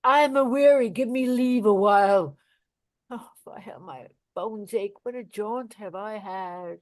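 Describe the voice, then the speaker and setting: A woman's voice: mid-range voice, a little slow, darkish tone, dry recording, lightly acted. A woman reading the part of an old, chattering female nurse, rambling and complaining with big swings in volume, in a Shakespeare play reading.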